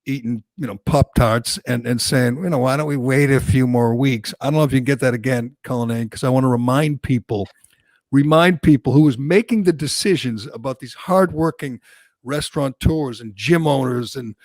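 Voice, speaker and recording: A man hosting a political talk show, ranting and mocking in angry, loud bursts. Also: medium pitch, moderate pace, no room sound. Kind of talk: heated political talk radio rant.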